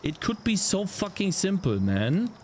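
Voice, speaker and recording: A young man with a high, swooping voice rants on a live stream, exasperated and swearing freely. He talks slowly and sighs between complaints, over a faint hiss. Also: big pitch swings, darkish tone. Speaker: game developer streamer. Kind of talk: live-stream commentary while coding.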